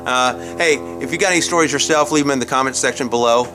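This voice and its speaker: A man's voice: mid-range voice, fast, over music. A middle-aged man telling a comic story in a folksy way, chuckling at his own jokes, recorded outdoors at a campsite. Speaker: comedic storyteller host.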